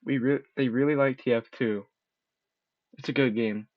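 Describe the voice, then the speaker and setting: A man's voice: mid-range voice, steady tone, moderate pace, no room sound, muffled recording. Rambling man streaming a game. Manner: rambling, self-deprecating, swears casually. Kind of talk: casual live-stream commentary. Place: room at home.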